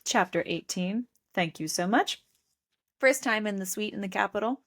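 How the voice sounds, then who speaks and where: A woman's voice: medium pitch, normal speed, fairly bright tone. Gushing woman book podcast co-host. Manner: gushing, laughing, reads lines aloud in playful voices. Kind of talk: casual book chat.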